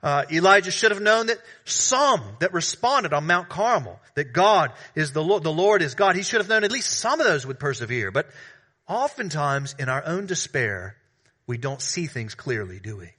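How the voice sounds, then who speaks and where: Male pastor, sermon, bright forceful tone, builds on repetition, quiet asides. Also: a little high, big pitch swings, normal speed. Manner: earnest preaching, swelling louder on repeated phrases, dropping soft on asides.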